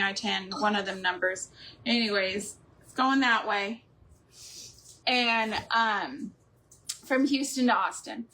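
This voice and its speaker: This middle-aged woman hosts a craft and homemaking channel, talking casually while she works and responding to live chat. She rambles and laughs often, her mid-range voice sounding pushed and bright.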